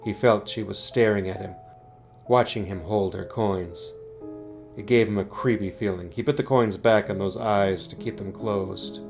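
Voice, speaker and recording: A man's voice: on the low side, gravelly, music in the background. Man reading a scary story with suspense. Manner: slow, suspenseful, dramatic build-up. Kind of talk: reading scary stories aloud.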